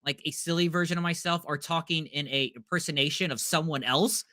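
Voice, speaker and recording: A man's voice: fairly high pitch, fairly even intonation, fairly quick, sharp tone. A man co-hosting a casual podcast, chatty and joking, peppering his partner with questions. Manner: chatty, asks questions, jokes. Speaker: podcast co-host. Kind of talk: casual chat.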